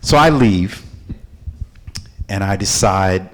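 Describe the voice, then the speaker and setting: A man from Houston, a company founder telling a story in an interview, animated and acting out the people in it. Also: low voice, slow. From Houston, Texas.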